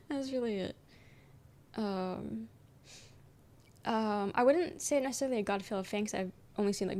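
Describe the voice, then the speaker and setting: A young adult woman with a mid-range, darkish voice is streaming and casually chatting with her viewers, reading their messages aloud. She rambles along with frequent "um" and "like" and some offhand swearing.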